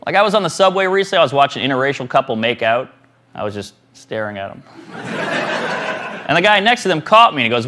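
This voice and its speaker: A man's voice: very animated, fast talker, long pauses. Guy doing stand-up in a club, punchy bits, voice swings all over, noisy live recording. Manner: punchy joke delivery, jumps into high-pitched character voices. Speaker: stand-up comedian. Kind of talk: stand-up comedy set.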